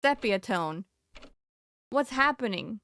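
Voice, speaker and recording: Young woman, slow-talking, crisp bright voice, giggly, flustered game commentary. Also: mid-range voice, lively intonation. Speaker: streamer playing a horror game. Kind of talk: casual let's-play commentary.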